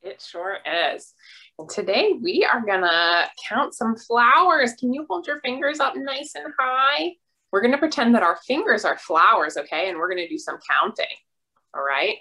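A young woman leading a library storytime for babies, chanting counting rhymes in a gentle, encouraging way. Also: a little high, animated, moderate pace, slightly rough. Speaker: children's librarian. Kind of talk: baby storytime with counting songs.

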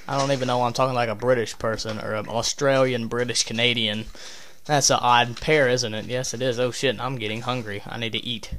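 A man's voice: medium pitch, steady tone, normal speed, sharp tone. A man giving casual let's-play commentary, rambling and interrupting himself, with offhand swearing as he talks to himself. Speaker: gameplay commentator.

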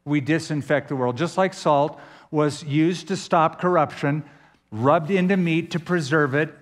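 Slow, emphatic preacher in an echoing hall. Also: male voice. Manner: emphatic, dramatic pauses and sudden pitch swings. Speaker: pastor. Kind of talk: sermon.

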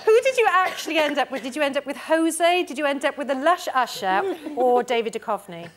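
A woman's voice: high-pitched, lively intonation, brisk, a loud crowd. A woman in her forties hosting a talk show, chatting and teasing her guest and studio audience.

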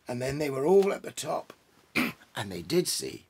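A man reading a children's story aloud in a gentle, musing way, pausing and restarting as he retells the plot. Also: mid-range voice, big pitch swings, husky. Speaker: reader and storyteller.

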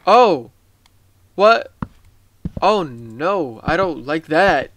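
Excitable, high-voiced male gamer. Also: drawn-out words, slight background noise. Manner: rambling, excitable, swears often. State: tired. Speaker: gaming YouTuber. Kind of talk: casual gameplay commentary.

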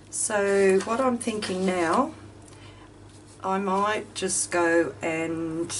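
A woman hosting a craft video, chatting casually and thinking aloud as she works, a little self-deprecating. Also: fairly low pitch. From Australia. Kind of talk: casual chat while crafting. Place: home craft room with ceiling fan running. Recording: distant mic, faint fan noise.

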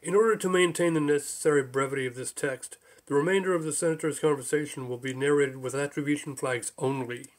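A man narrating his own book as an audiobook, in an even, measured reading. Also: fairly high pitch.

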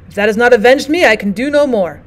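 A bitter old physician who lives for revenge, speaking in stern, old-fashioned phrases, read aloud by a woman. His voice is loud and grim, pitched a little high, and it rarely softens. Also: animated, fast, close to an everyday voice.

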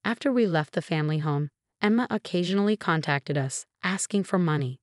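A woman narrating a first-person family drama story in a scripted, even and measured way. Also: lowish voice, no echo, studio quality.

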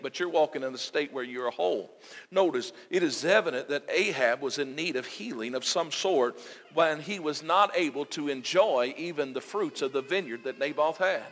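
Pastor guy preaching, kinda high voice, big echoey hall, hammering repeated lines. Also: a bit bright. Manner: preaching with rising, emphatic repetition. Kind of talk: sermon. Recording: long hall reverb.

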